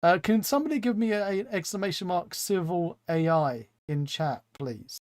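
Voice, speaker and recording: A man's voice: high-pitched, moderate pace, darkish tone, no room sound, studio quality. A man hosting a live stream, chatting casually and reading out chat with self-mocking humor. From England.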